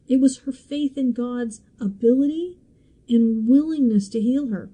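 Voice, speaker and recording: A woman teaching scripture on a podcast, in a very bright, sharp voice pitched a little high. She talks in an easy, chatty way, with asides and small laughs as she walks through the passage. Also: rough recording. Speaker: bible teacher and podcast host.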